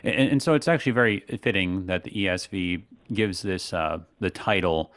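Male pastor-host, low voice, dry studio, chatty explanatory delivery with "right?" tags. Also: normal speed, fairly bright tone, no echo. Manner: conversational, frequent "right?" tags. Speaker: radio show host, pastor. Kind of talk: casual theological discussion.

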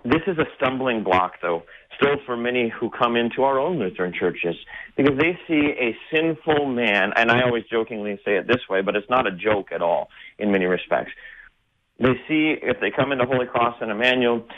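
A man who is a Lutheran pastor, teaching in an earnest, emphatic sermon style and slowing down to stress key words. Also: mid-range voice, animated. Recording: tinny phone-like radio audio.

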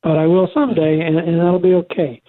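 Older male co-host calling in, earnest and halting, tinny phone sound. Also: on the high side, level tone. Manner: earnest, halting with many restarts. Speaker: radio show co-host. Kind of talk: conversational faith talk.

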